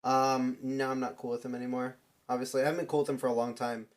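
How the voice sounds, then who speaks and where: A man's voice: mid-range voice, flat delivery, fast. A young man streamer telling a rambling story in casual chat, full of "like" and restarts.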